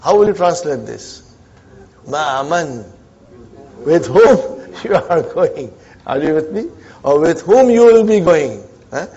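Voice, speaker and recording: A man with a fairly high voice leads an Arabic grammar lesson, quizzing his class and repeating the answers back. The sound is dull and lo-fi, like an old classroom recording. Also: lively intonation, slow pace, dark tone. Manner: drills students with frequent "huh?" and repetition; mixes Arabic phrases into English teaching. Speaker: Arabic teacher. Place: community centre classroom.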